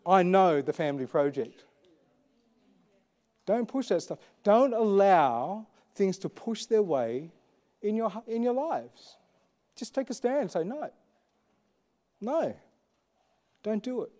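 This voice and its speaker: A man's voice: high voice, big pitch swings, unhurried, long pauses, warm tone. A man preaching a sermon as a pastor, in a conversational, questioning way with frequent fillers.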